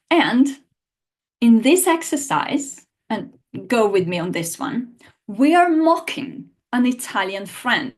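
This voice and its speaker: Female language teacher, online lesson; slightly high-pitched, slow and patient, walks through each point. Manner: patient, explains step by step and has learners repeat sounds.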